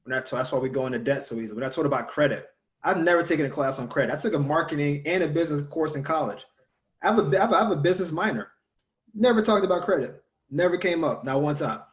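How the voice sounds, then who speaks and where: A man in casual conversation, telling a story and lively when he quotes others. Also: on the high side, very fast.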